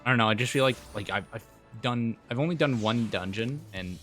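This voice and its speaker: A man's voice: mid-range voice, brisk, fairly bright tone, soft background music. A male streamer chatting casually during a live game stream, rambling with lots of fillers. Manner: rambling, filler-heavy talk.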